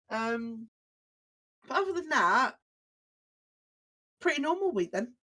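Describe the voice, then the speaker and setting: High, lively woman with a slightly croaky voice. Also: a little slow, long pauses. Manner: animated storytelling, acts out her own quotes. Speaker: podcast co-host. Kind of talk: casual chat.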